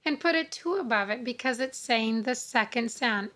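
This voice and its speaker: A woman teaching English spelling, sounding out words slowly and repeating each rule. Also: fairly high pitch, expressive, a bit bright. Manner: slow, deliberate, sounding out words and repeating rules. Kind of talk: phonics lesson.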